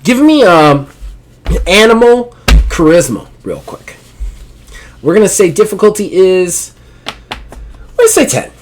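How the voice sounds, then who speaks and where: A man's voice: high-pitched, sing-song, measured pace, pauses often, a little hiss or hum. A man narrating a live-play tabletop game as game master, chatty and apologetic, laughing often.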